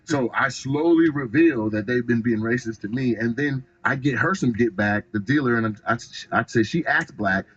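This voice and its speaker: A man's voice: mid-range voice, moderate pace, few pauses, slightly rough, muffled recording. A young adult man from the Pacific Northwest, a stand-up comedian telling stories in a casual interview, acting out voices and laughing a lot. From Tacoma, Washington. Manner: animated storyteller who acts out voices and laughs a lot.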